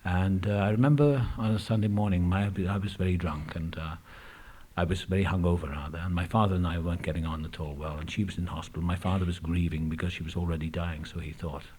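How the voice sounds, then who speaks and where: A man's voice: deep voice, steady tone, fast, darkish tone, slightly rough. A man telling his recovery story at a meeting, candid and reflective, with frequent hesitations. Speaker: AA speaker. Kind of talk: personal recovery talk. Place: meeting room.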